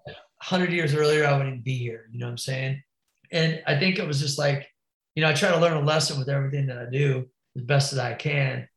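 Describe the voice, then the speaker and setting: A man's voice: mid-range voice, brisk, gravelly, fairly bright tone, reverberant, poor audio. A man telling a wild crash story in casual, profane slang, calling the listener bro and dude. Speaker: podcast guest, BMX rider.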